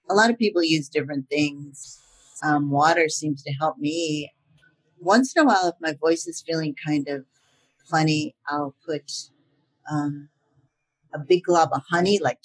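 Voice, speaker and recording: Chatty older woman guest, husky voice, easy laughs, lots of ums. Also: sits low. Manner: chatty, laughs often, many fillers. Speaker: voice actor guest. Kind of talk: casual interview chat.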